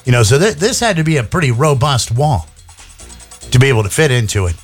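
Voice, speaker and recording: A man's voice: mid-range voice, big pitch swings, fairly quick, faint music behind. A man hosting a radio show in casual banter, rambling and stumbling over his words with many fillers. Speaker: radio host.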